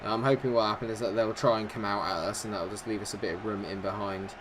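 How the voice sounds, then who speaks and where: A man giving live commentary over his own football video game, calm and chatty between chances and shouting when his side scores. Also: on the low side, fast talker, background noise. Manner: excitable football-style commentary, shouts at goals. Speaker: gaming YouTuber.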